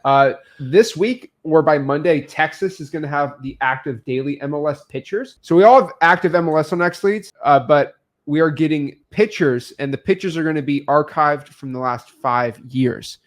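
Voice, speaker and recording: A man hosts a casual live Q&A, reading out viewer questions and answering them. He talks in an upbeat, animated way, and his voice sits a little high. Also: normal speed. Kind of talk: casual livestream Q&A.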